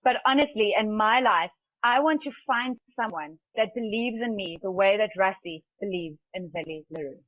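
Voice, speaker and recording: A woman's voice: mid-range voice, normal speed, no room sound, lo-fi sound. A woman co-hosting a sports talk show, making her case in a matter-of-fact, confident way. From South Africa.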